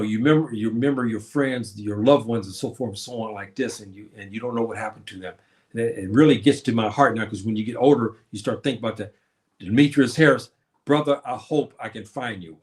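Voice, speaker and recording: A man's voice: medium pitch, darkish tone. A man around seventy chatting casually to viewers on his livestream, rambling and reminiscing with many fillers and restarts. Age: 70s. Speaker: livestream host.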